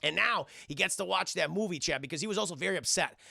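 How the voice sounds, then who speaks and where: Gravelly animated man recapping a film. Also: sits high, fast talker, no echo, studio quality. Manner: animated, acts out scenes in shouted voices, swears a lot. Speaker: film reviewer streaming to chat. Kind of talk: profane casual recap to live chat.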